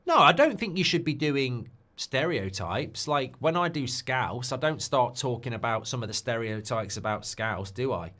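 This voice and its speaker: A man's voice: mid-range voice, lively intonation, moderate pace, hardly any pauses, bright, forceful tone. Chatty, jokey man hosting a live stream. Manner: chatty and jokey, reading viewer comments aloud. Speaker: football watchalong host. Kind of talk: casual live-stream chat.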